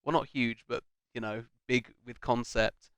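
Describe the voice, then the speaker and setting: A man's voice: medium pitch, fairly even intonation, a little slow, a bit bright, no room sound. A young man co-hosting a casual film chat, rambling and joking with frequent laughs. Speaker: co-host.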